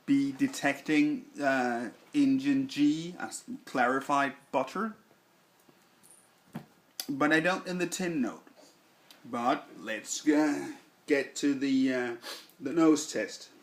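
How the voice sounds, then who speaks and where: A man giving a casual product review in a slow, deliberate way, thinking aloud with fillers. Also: fairly high pitch. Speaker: snuff reviewer.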